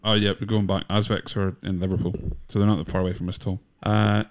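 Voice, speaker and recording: Man, lowish voice, teasing host, casual chat. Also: flat delivery, fast talker. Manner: teasing, leads the talk. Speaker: podcast host.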